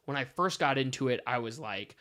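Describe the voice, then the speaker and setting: A man chatting casually as a podcast guest in a home studio, telling self-deprecating stories with lively energy. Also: mid-range voice, a little fast. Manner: animated, self-deprecating storyteller.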